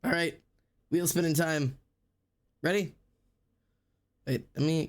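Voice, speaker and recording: A man with a sore throat, chatting casually on a livestream while he draws, rambling and swearing freely in a deliberately low-energy way. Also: steady tone.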